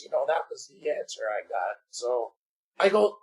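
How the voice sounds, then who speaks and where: A man with a high voice and a heavy gravelly rasp tells a story on a casual podcast. He sounds animated and exasperated, and he acts out the back-and-forth in the voices of the people he quotes. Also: moderate pace. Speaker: podcast guest.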